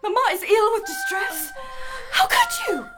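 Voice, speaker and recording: Woman doing a shrill, swoopy, accusing sister, sharp tongue. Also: very animated, moderate pace, soft background music, exaggerated voice. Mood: furious.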